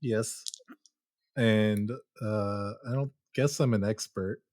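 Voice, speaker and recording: A man's voice: on the low side, takes it slowly, darkish tone, dry recording. Male player, short hesitant lines, dry sound. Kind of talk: tabletop game chat.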